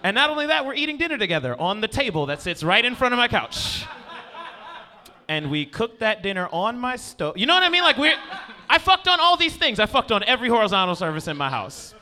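This stand-up comic speaks in a high, sing-song voice with a brisk pace and a sharp tone. Performing on stage for a live crowd, he rambles, runs himself down, and keeps asking "you know what I mean" to check in with the audience.

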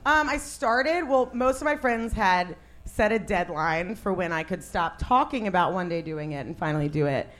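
A woman's voice: fairly low pitch, expressive, normal speed, hardly any pauses, fairly bright tone. A young woman comedian doing stand-up, then chatting casually with a laughing, self-mocking manner.

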